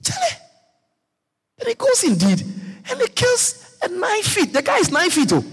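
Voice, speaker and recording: A man preaching a sermon, telling the story with animated swings up to shouts. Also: extremely high pitch, moderate pace, long pauses. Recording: long echo of a large hall.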